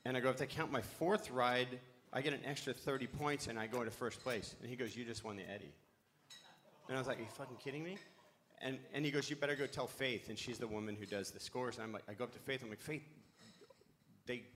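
A man's voice: medium pitch, brisk, a bit bright, slight background noise. A middle-aged man spins a long story for a live panel. He rambles, loses his thread and swears casually along the way.

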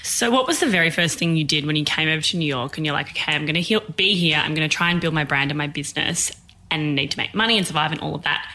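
Quick low-voiced woman interviewer. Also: bright, forceful tone. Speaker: podcast host, interviewer. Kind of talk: interview questions.

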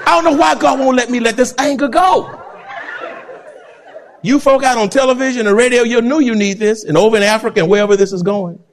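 A man preaching a sermon, animated and laughing often, swinging between loud and soft. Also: very high voice. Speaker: pastor.

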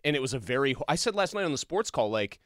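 A man's voice: mid-range voice, very animated, fast, no echo, clean studio sound. A man co-hosting a casual sports talk show, arguing his points emphatically. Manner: emphatic, argumentative. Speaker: sports podcast co-host.

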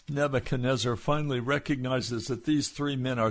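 A man's voice: medium pitch, steady tone, moderate pace, few pauses. A middle-aged man, a pastor, preaching a sermon with fervent rhetorical questions to his listeners.

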